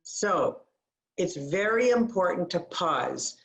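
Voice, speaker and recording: A woman's voice: on the low side, lively intonation, slow pace, gravelly, roomy sound. A woman coaching a webinar audience on voice, explaining with demonstrations and encouraging tips. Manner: demonstrative, gives upbeat guided tips. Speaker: communication coach.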